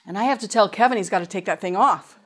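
Woman telling a lively faith testimony. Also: mid-range voice, fast talker. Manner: lively storyteller who acts out voices and laughs. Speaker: former GED lab teacher giving testimony. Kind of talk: spoken testimony to an audience.

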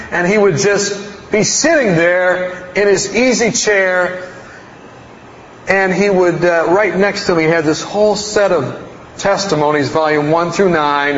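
A man preaching in a roomy church hall, his fairly high voice carrying a long echo. He tells his story in a folksy, rambling way, poking fun at himself as he goes. The sound is a little dull, with faint noise underneath. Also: fairly bright tone. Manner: folksy, rambling, self-mocking humor. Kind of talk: storytelling sermon.

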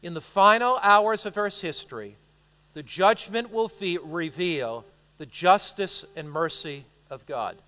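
High, bright-voiced American preacher in a big hall. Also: male voice, expressive, measured pace. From United States. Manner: call-and-response, joking with the audience. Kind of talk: sermon. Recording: long hall reverb.

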